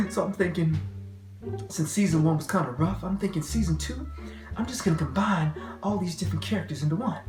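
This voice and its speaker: A man speaking as a comic actor to camera, animated and self-mocking. He laughs between lines. The room is echoey, with faint music. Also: a little high, fairly quick. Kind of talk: comedic monologue to camera.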